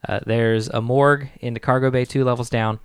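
A man narrating a tabletop game as game master, with halting speech and frequent restarts. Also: mid-range voice, fairly even intonation, clear, resonant tone, no room sound, studio quality. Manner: halting, full of restarts and fillers.

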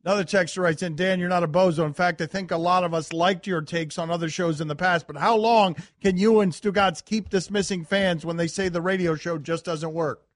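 A man hosting a sports radio show, bantering and excitedly shouting catchphrases. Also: high voice, brisk, few pauses, dry recording, studio quality. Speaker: radio host.

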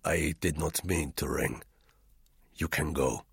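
A man's voice: a bass voice, fairly even intonation, slow pace, breathy edge, dry recording, studio quality, pitched below the performer's own voice, exaggerated voice. A man voicing an icy, sardonic spy. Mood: subdued. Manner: icy and acid, softly contemptuous. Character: cold, sardonic, menacing middle-aged male spy. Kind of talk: audiobook character reading.

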